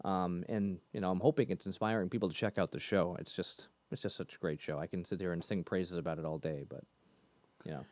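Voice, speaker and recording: A man's voice: sits low, fairly even intonation, darkish tone, no echo. A man in his thirties from near Boston, co-hosting a podcast in a casual, rambling way and laughing at his own jokes. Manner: rambling, self-deprecating, quick to laugh. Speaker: podcast co-host. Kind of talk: casual chat.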